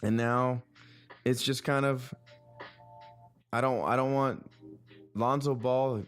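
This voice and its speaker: A man hosting a podcast in a rambling, excitable, profane casual chat. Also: mid-range voice, slow pace, faint music behind. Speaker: podcast host.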